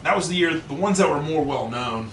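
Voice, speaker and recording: A man's voice: fairly high pitch, lively intonation, brisk, fairly bright tone. A man, a podcast co-host, telling a long rambling story in casual, profane talk full of restarts. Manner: rambling, profane, self-interrupting. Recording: echoey, distant, noisy room mic.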